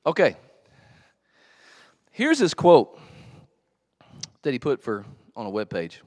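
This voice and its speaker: A man's voice: on the low side, normal speed, pauses often, dry recording, clean studio sound. A man preaching a casual, slangy sermon in a church. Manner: animated storytelling, slangy, with acted asides. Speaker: pastor.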